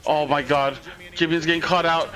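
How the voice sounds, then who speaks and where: A man streaming a watch party, reacting to a live esports match with loud swearing, constant "dude," and yelling at big plays. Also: fairly high pitch, fairly even intonation, moderate pace.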